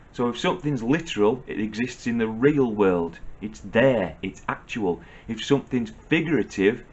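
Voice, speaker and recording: A man's voice: mid-range voice, highs cut off. A middle-aged man with a Northern English accent, giving a blunt, sardonic comic advice monologue in a lecturing tone. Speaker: comedian.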